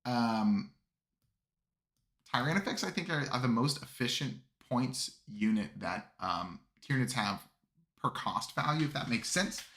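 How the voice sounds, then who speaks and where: Bright-voiced casual male streamer. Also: medium pitch, lively intonation, a little slow. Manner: rambling with many fillers and restarts; chuckles often. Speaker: streamer reviewing army lists. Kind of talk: casual livestream chat.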